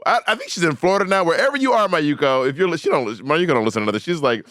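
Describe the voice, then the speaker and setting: A man talking as a podcast guest in casual chat, an animated storyteller who repeats words as he gets going. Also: racing, dry recording, clean studio sound. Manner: soft and low talking about his late mother.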